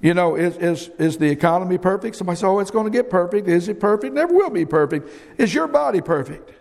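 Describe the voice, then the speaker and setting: High gravelly preacher in a hall. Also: male voice, lively intonation, fast, darkish tone. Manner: emphatic, folksy, repeats himself. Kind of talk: sermon. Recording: long hall reverb.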